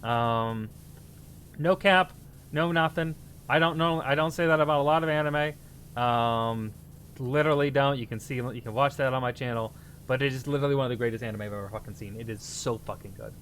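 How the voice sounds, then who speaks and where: A man streaming and chatting casually with viewers, animated and loose, with casual swearing and slang. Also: mid-range voice, fairly quick, slight background noise. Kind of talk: casual livestream chat.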